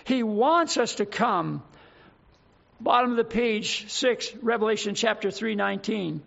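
A man's voice: high-pitched, vocal fry, a bit bright. An older man preaching a sermon, fervent and stretching key words for emphasis, on a dull lo-fi recording. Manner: fervent, drawn-out emphatic phrases.

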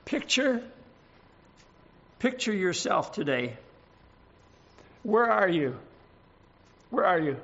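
Slow, earnest high-voiced male preacher. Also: sing-song, fairly bright tone, highs cut off. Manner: earnest and emphatic, slows down on scripture. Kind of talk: sermon.

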